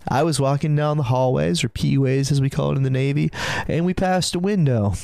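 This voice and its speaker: A young man hosting a live podcast, rambling and swearing as he tells stories, laughing often and admitting he is high. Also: fairly quick, gravelly, dark tone, no room sound. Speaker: podcast host.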